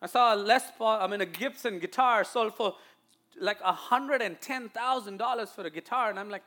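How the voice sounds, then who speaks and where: A man with an Indian accent preaching a sermon to a church, moving between quiet asides and loud, emphatic declarations. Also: high voice, moderate pace. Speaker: pastor.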